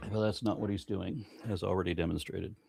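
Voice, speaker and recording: A man's voice: sits low, fairly even intonation, brisk, gravelly, a little mellow. A man in a live-streamed debate discussion, talking bluntly and with open exasperation, ready to swear when frustrated.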